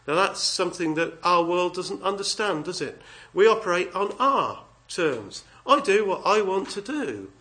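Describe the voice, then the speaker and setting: A man with a fairly high voice preaches earnestly, stressing his points and reading scripture passages aloud. His delivery is emphatic and steady, with a slight lilt. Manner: earnest, emphatic, reads scripture aloud in King James wording. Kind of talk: sermon.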